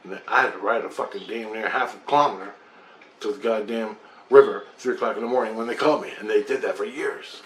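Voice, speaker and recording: Speaking quickly in a fairly low, fairly bright voice with fairly even intonation, this middle-aged man vlogs about something he went through. The long personal story comes out rambling, profane and intense, recorded in an echoey room with faint noise behind him.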